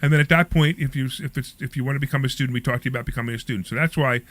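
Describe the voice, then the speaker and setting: A man's voice: mid-range voice, very fast. A man hosting a radio call-in show about money, telling stories animatedly and acting out the people in them. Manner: animated storyteller, acts out quoted voices. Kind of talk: casual talk radio chat.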